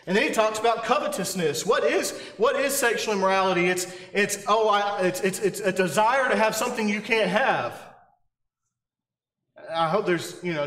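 A man's voice: high voice, fairly bright tone. A man preaching a sermon in a church, earnest and insistent, repeating his phrases and asking the congregation questions. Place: church sanctuary. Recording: echoey church hall.

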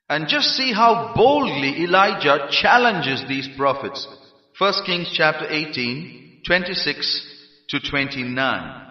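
A man from India preaching a sermon, emphatic and rising to shouts on key phrases. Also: a little high. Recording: roomy hall, dull lo-fi sound.

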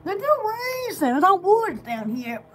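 At home at night, a woman hosts a rambling, casual live video, giggling often and hopping between goofy topics. Her voice is high-pitched, and there's background noise.

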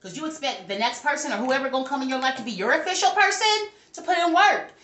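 Brash woman tarot reader, high-ish bright voice, swears freely, echoey room. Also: expressive, fast. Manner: brash, profane, talks back to her spirits. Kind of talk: casual tarot reading to camera.

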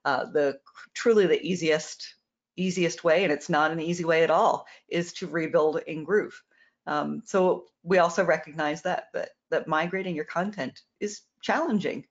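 A woman's voice: low-pitched, fairly even intonation, moderate pace. Frank explaining woman, muffled audio. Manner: frank, explanatory, repeats words while thinking. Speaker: company co-founder answering questions. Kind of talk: casual Q&A answers.

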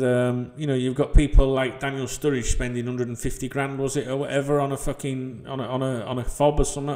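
Middle-aged man, blunt and foul-mouthed, mid-pitched voice, vlog rant. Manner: sweary, blunt, ranting. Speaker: football channel vlogger. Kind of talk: ranting vlog to subscribers. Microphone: desk microphone.

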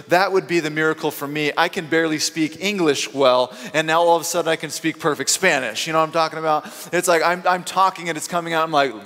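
Animated pastor in an echoey hall. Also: male voice, fairly high pitch. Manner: animated storytelling with quick swings in loudness. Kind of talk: sermon. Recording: long hall reverb.

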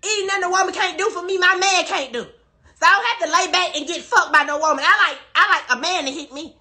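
A woman's voice: very high voice, a little fast, bright, forceful tone. A woman crying while she rants defensively and profanely on a phone livestream, repeating herself. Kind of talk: emotional live-stream rant.

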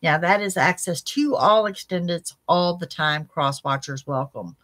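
Chatty woman, bright voice. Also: fairly low pitch, measured pace, no echo. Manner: animated, chatty, addresses viewers directly. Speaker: psychic tarot reader. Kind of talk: weekly tarot reading for viewers.

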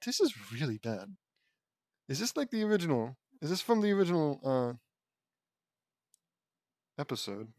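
A man reads fan fiction aloud as an audiobook and breaks off with sarcastic comments. His voice sits a little high, and the sound is dry and close. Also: big pitch swings, moderate pace, long pauses, a little mellow, dry recording. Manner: sarcastic asides between passages. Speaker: audiobook reader.

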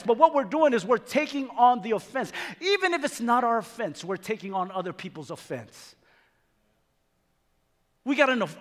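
A male pastor with a very high, bright, forceful voice preaches a sermon emphatically, repeating phrases and stumbling into restarts to drive his points home. The recording comes from a reverberant hall with faint music behind him.

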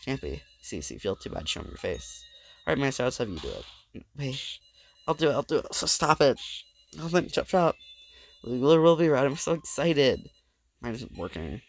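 A man's voice: medium pitch, very animated, normal speed, vocal fry, a little hiss or hum. A man hosting a let's play, reading game dialogue aloud with dramatic, stammering readings and reacting as he plays.

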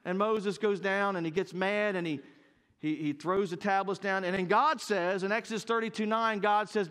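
A man in his fifties preaching a sermon as pastor, earnest and building to loud, emphatic bursts. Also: high voice, fairly even intonation, moderate pace. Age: 50s.

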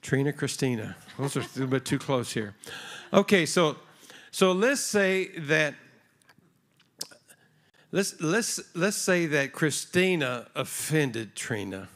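A man's voice: a little high, sing-song, takes it slowly, a bit bright. A man preaching a sermon in a conversational way, telling a story and acting out the voices in it. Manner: conversational, acts out dialogue in his stories. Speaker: guest preacher. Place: church stage before a congregation.

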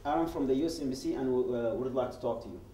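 A man with a warm, mid-range voice speaks at a quick pace, a little hiss or hum audible behind him. He's a guest speaker from Yemen recounting personal testimony at a public event, framing it as a story, playing out the dialogue he quotes and often restarting his sentences. The recording comes from a roomy event hall, with the mic far from him.

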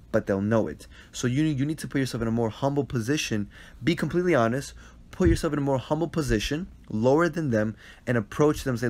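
On a phone live stream, a medium-pitched man runs a casual Q&A, sincerely answering viewers' questions about life and relationships. He tends to repeat himself and keeps checking in with "right?"

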